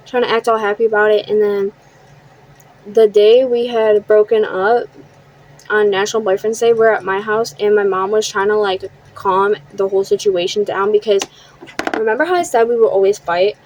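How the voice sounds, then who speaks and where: This young vlogger's medium-pitched voice has a darkish tone, captured on a rough recording. In her casual storytime she's blunt and curses a lot, briefly acting out what others told her.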